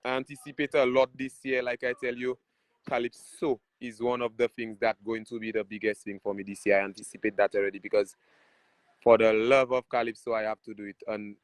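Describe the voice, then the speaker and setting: A man's voice: medium pitch, a little fast, no echo, low-quality recording. A man with a Saint Lucian accent, a calypso artist, talking animatedly about his music video and family in a casual interview. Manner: animated, patriotic, repeats phrases like "you check what I showing you".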